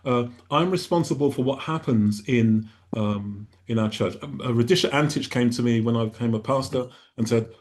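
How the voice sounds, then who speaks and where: A man's voice: medium pitch, normal speed, few pauses, darkish tone. Earnest rambling male pastor. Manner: earnest, rambling with frequent restarts. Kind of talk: radio panel discussion.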